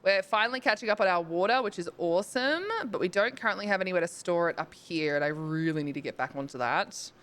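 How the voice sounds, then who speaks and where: A woman's voice: fairly low pitch, quick pace, hardly any pauses, a bit bright. Chatty young woman streaming a game. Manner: chatty, thinks aloud, swears casually, bursts into squeals. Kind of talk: casual live-stream chat while playing.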